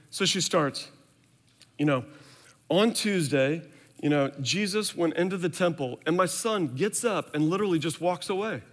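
A man's voice: on the high side, fairly bright tone. Candid preacher man in a reverberant hall. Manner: candid storytelling, acting out family quotes. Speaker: pastor. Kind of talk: sermon.

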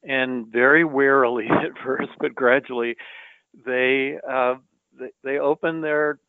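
A male journalist, a guest in a conversation, retelling anecdotes in a measured, storytelling way. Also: mid-range voice, fairly even intonation, clean tone, no echo. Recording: tinny phone-like line, dry.

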